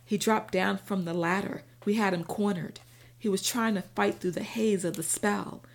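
A woman narrating a first-person audiobook in a steady, even storytelling manner. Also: mid-range voice, normal speed, gravelly.

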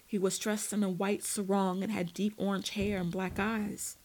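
Woman, audiobook narrator, first-person story, measured, steady, mid pitch. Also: low-quality recording.

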